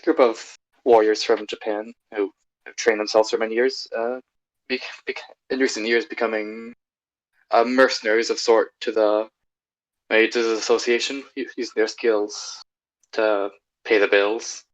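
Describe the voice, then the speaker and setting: Hesitant low-voiced player. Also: male voice, little pitch movement, measured pace, muffled recording.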